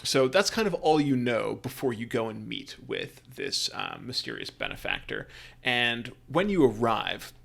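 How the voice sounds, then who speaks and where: A man serves as game master for a tabletop adventure, setting the scene in a friendly, halting manner with many restarts. His voice is gravelly and creaky at a middle pitch. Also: huge pitch swings, fairly bright tone.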